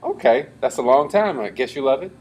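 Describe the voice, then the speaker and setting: A man's voice: medium pitch, animated, brisk, a little mellow, slight background noise. Easygoing man interviewing a comic. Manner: upbeat, easygoing, laughs along often. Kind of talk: casual interview. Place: bar hosting a comedy open mic night.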